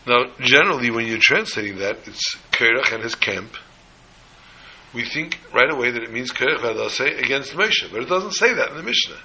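A man's voice: mid-range voice, animated, fairly quick, pushed and bright, breathy edge, poor audio. A man preaching a sermon, telling a parable in an emphatic way and mixing in Hebrew and Yiddish terms. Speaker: rabbi.

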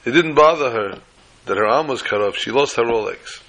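A male rabbi gives a Torah lesson in a bright, clear voice. He tells stories with lively energy and often breaks into loud, acted-out quotes. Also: mid-range voice, brisk. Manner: animated, acts out quotes, rising to loud exclamations.

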